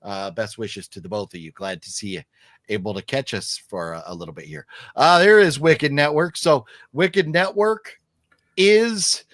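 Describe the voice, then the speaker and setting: With clean studio sound and no echo, a man hosts a laid-back live stream, reading out viewer comments and filling gaps with lots of fillers. He has a mid-range, fairly bright voice and talks at a normal speed.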